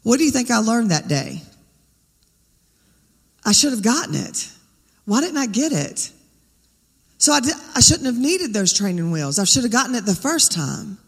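A woman's voice: fairly high pitch, sing-song, normal speed, husky, in a large hall. A woman preaching a sermon, talking conversationally and firing rhetorical questions at the congregation. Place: church sanctuary.

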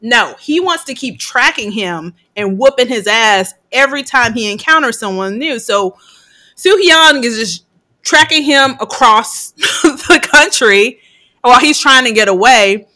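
A woman's voice: a little high, expressive, measured pace, pushed and bright. A woman co-hosting a casual podcast, retelling a film scene by scene, swearing freely and laughing often as she acts out the characters' lines. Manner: laughs often mid-sentence while recounting. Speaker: podcast co-host.

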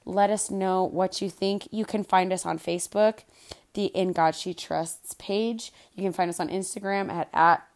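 A woman hosting a Bible study podcast, talking earnestly and softly, often repeating words as she gets emotional. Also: mid-range voice, fairly even intonation, moderate pace. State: emotional, quiet and soft-spoken. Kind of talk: casual devotional podcast talk.

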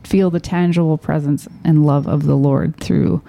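A woman's voice: deep voice, fairly even intonation, moderate pace, vocal fry, dark tone, dull audio. A middle-aged woman co-hosting a podcast, earnestly affirming and filling in a shared personal story. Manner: earnest, affirming, fills in her husband's story. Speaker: podcast co-host. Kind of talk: casual storytelling chat.

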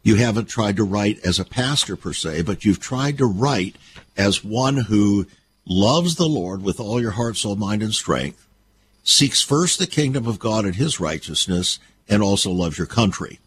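Animated preacherly radio host, man. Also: lowish voice, measured pace, slightly rough. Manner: folksy, preacherly, addresses listeners as friends. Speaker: radio talk show host. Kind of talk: radio interview and commentary.

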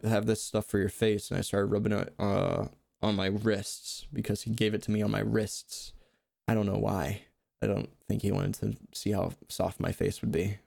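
A man's voice: fairly low pitch, vocal fry, a little mellow, no echo, clean studio sound. A young man telling rambling, self-mocking comic stories in casual talk, laughing at his own jokes. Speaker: storyteller. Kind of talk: casual comedic storytelling.

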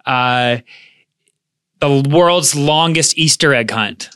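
Male podcast co-host, bright and forward tone, self-deprecating and quick to laugh, dry sound. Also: mid-range voice, clear, resonant tone, no echo. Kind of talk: casual chat.

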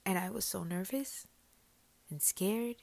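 A woman giving a personal faith testimony, switching between Spanish and English mid-sentence in a soft, confiding way that often sinks to a whisper. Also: mid-range voice, unhurried, vocal fry. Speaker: church member sharing her testimony.

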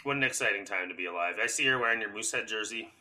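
Hungover guy cohosting, loud laughy stories, super sharp bright voice. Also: fairly low pitch, rapid-fire. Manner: laughing, swearing, boisterous storyteller. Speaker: podcast co-host. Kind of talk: casual chat.

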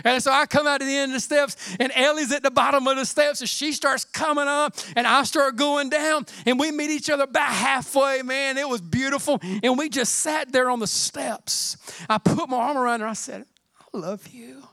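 A man's voice: very high-pitched, fairly even intonation, moderate pace, dry recording, clean studio sound. Fervent middle-aged male pastor preaching. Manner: fervent, conversational preaching, often saying "man"; drops to hushed, near-whispered passages. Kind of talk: sermon.

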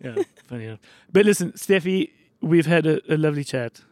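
Rambling, higher-voiced male host. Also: lively intonation, a little mellow, no echo, clean studio sound. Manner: rambling, quick, swears casually, lots of fillers. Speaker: podcast host running a mock video store. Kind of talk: casual chat.

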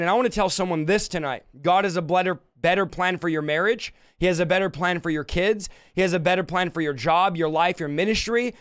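A man's voice: high-pitched, brisk, hardly any pauses, fairly bright tone, clean tone, no room sound. A man preaching a fervent sermon, repeating phrases and acting out quoted dialogue.

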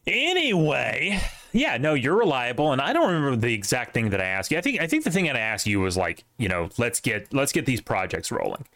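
A man's voice: medium pitch, big pitch swings, fairly quick, a bit bright, dry recording. A young man hosting a podcast in casual chat, rambling with restarts and asides. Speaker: podcast host.

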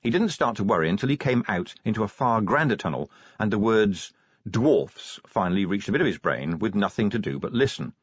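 A man reads a comic fantasy audiobook with wry, animated storytelling. His voice sits low and husky and moves in lively swoops of pitch. The recording is dry and a little dull. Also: a little fast, no echo. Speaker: audiobook narrator. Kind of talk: scripted narration.

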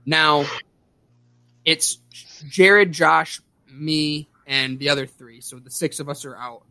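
A man's voice: fairly high pitch, takes it slowly, bright, forceful tone, dry recording. A man hosting a podcast, telling a story in a rambling, profane way, full of restarts and fillers. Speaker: podcast host. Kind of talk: casual storytelling chat.

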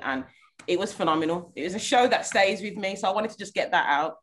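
A woman podcast guest with a Birmingham accent, talking in relaxed, easygoing casual chat. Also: medium pitch, quick pace.

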